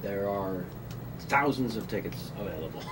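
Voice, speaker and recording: A middle-aged man being interviewed on a radio show, dry and quick-witted, with pauses and fillers. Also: on the low side, expressive, recorded from a distance, crowd noise, low-quality recording. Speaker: guest.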